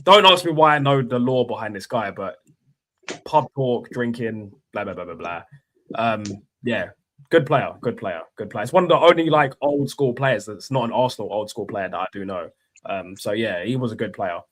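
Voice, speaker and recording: Rambling London football fan. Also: male voice, on the low side, moderate pace, fairly bright tone, poor audio. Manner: rambling, swears casually, repeats himself. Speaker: fan channel co-host. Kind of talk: casual post-match fan chat.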